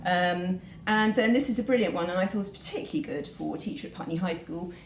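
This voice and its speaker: A woman's voice: fairly low pitch, animated, quick pace, echoey room, a little hiss or hum, poor audio. A woman teacher reading a novel passage aloud to students, then chatting about it with many hesitations. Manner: hesitant, many ums between points.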